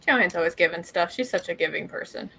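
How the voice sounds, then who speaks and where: A woman giving a relaxed, filler-heavy update on her writing in casual chat. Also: fairly low pitch, fast talker, vocal fry, a little hiss or hum, poor audio. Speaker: writer on a livestream.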